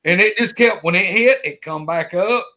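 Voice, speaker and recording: A man co-hosting a live stream, telling folksy stories in an animated way. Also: high-pitched, moderate pace. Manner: animated yarn-spinner, folksy. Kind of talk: casual storytelling chat.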